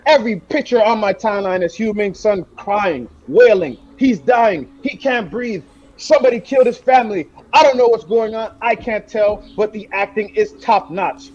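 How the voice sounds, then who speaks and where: A man co-hosting a soccer podcast, trash-talking in an animated, slangy way and calling people "bro". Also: high-pitched, a little hiss or hum. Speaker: podcast co-host. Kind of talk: casual soccer banter. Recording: dull lo-fi sound.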